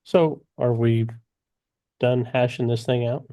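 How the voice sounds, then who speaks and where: A man chairing a public commission meeting, running the votes briskly. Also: medium pitch, fairly even intonation, dark tone, dry recording, clean studio sound. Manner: brisk, procedural.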